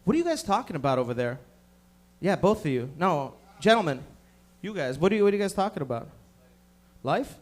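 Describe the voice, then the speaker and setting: Stand-up comic, male, high-pitched, swears freely, chats up the front row. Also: big pitch swings, brisk, pauses often. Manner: profane, riffing with the audience, acting out voices. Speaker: stand-up comedian. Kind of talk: stand-up set with crowd work. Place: comedy club stage.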